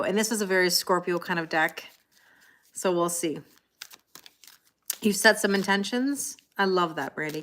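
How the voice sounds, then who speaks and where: A woman's voice: mid-range voice, fairly bright tone. A middle-aged woman with a Canadian accent, chatting with viewers by name and reading tarot on a live stream. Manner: chatty, greets viewers by name, reads out comments. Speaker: tarot reader.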